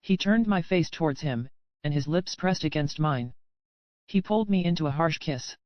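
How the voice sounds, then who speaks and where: Audiobook narrator, woman, steady first-person storytelling; smooth tone, lo-fi dry recording. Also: low-pitched, moderate pace, no room sound. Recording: dry, slightly dull lo-fi audio.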